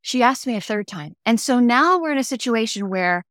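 As a guest on a podcast, a middle-aged woman reflectively tells personal stories in a conversational interview, acting out quoted dialogue. She speaks at normal speed in a slightly high, animated, somewhat bright voice. The audio is clean studio sound with no room sound.

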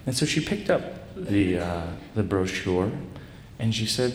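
A man telling a personal story to a live audience with a rambling, self-deprecating delivery full of halting restarts. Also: fairly low pitch, sing-song, vocal fry, a little hiss or hum. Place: stage in a large hall. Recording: echoey live hall recording.

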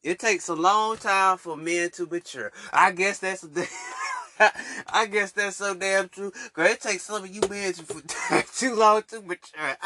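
A man's voice: sits high, slow pace, pushed and bright. A man ranting casually to his viewers, mocking people and laughing often, repeating himself. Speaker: vlogger. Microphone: desk mic.

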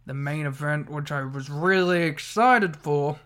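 A man's voice: on the high side, unhurried, a bit bright. Joking, swearing podcast man. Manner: joking, laughs often, swears. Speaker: podcast co-host. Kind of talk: casual wrestling recap chat.

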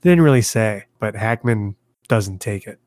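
Low-voiced man in wry podcast chat. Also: lively intonation, moderate pace, a little mellow, no room sound. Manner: wry, playful, laughing easily. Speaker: podcast co-host. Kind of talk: casual chat.

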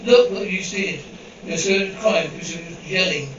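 A man's voice: high voice, moderate pace, echoey room, recorded from a distance, highs cut off, noisy background. A man reading an episode script aloud, voicing the dialogue and the sound cues in the same evenly paced voice. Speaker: script reader.

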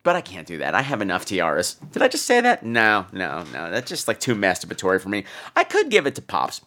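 Animated, bright-voiced campy man. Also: fairly low pitch, fairly quick, few pauses. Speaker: podcast host. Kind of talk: comic monologue.

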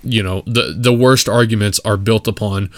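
A West Texas man hosts his own casual podcast, speaking his mind bluntly while repeatedly restarting and using fillers. His lowish voice keeps a fairly even intonation at normal speed, captured in dry, studio-quality sound.

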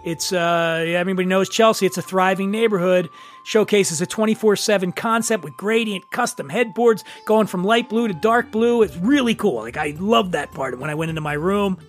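A man's voice: sits high, fairly bright tone. A man hosting a podcast, giving a chatty, offhand sponsor read. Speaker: podcast host.

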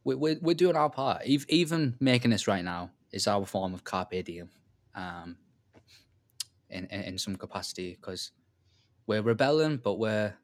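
A man co-hosting a casual faith-based podcast, speaking in a relaxed way that trails off with ums and repeated words. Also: lowish voice, measured pace, no echo. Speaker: podcast co-host.

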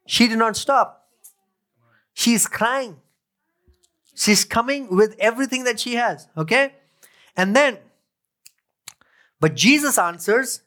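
A male pastor preaches, reading scripture aloud, repeating key phrases, and putting questions to his congregation. His voice is high and a little bright.

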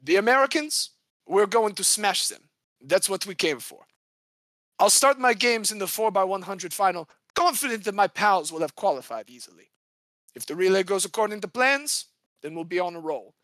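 A man voicing a cocky young male French swimmer in a rough put-on French accent, boastful and confident. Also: high voice, lively intonation, moderate pace, fairly bright tone, no room sound, clean studio sound.

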